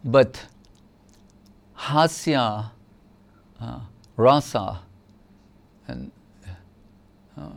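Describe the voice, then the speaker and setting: A man giving a devotional lecture as a spiritual teacher, explaining in a measured, reflective way. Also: mid-range voice, creaky, a little hiss or hum.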